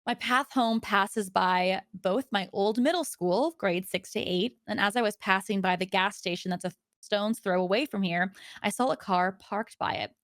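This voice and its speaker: A woman hosting a podcast, reading listener stories aloud and chatting casually in an animated storytelling manner. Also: mid-range voice, normal speed, hardly any pauses, dry recording, studio quality. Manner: animated storyteller who acts out voices in quotes. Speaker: podcast host.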